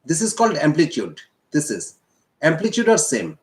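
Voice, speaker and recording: A male teacher with an Indian English accent, slowly explaining a physics lesson and repeating key points. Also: a little high, huge pitch swings. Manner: slow, repetitive explaining. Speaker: science teacher.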